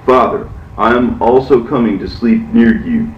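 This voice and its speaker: A man's voice: medium pitch, normal speed, a little hiss or hum, lightly acted. A man reading as a devoted, fearful son. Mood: pleading. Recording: echoey, muffled, from far off.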